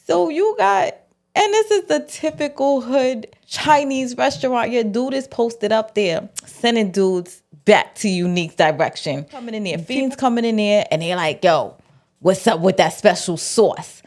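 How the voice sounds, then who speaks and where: A woman's voice: fairly high pitch, animated, moderate pace, a little mellow. A woman host breaking down a TV episode in casual, slangy chat, acting out the characters' lines as she goes. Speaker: TV recap host.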